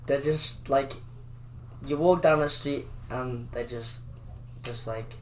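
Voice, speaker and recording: A man's voice: medium pitch, fairly even intonation, slow, a little mellow, a little hiss or hum. A young man from Liverpool with a Scouse accent, a guest chatting casually and rambling with lots of "like". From Liverpool, England. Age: young adult. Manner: rambling, heavy use of "like". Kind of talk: casual interview chat.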